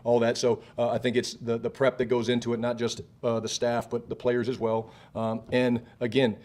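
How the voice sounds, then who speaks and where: A man speaking as an offensive coach at a press conference, explaining plays in a quick, analytical way. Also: mid-range voice. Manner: quick, even, analytical delivery.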